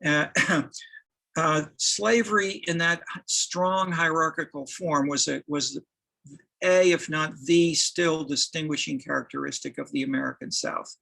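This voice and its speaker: A man giving a university lecture, halting, with many restarts and fillers. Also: fairly high pitch, gravelly, sharp tone, low-quality recording.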